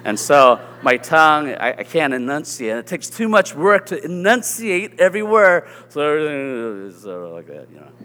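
A man's voice: fairly high pitch, very animated, normal speed, hardly any pauses, long reverb tail, background noise. A man with a Southern US accent preaching a sermon as pastor, earnest and conversational, often checking in with his listeners.

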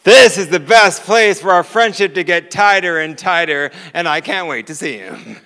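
Jesus figure, eager and gushing, high bright voice, put on by a preacher, hall echo. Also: male voice, normal speed. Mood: excited. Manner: excited, gushing. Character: eager joyful male Jesus awaiting his friend.

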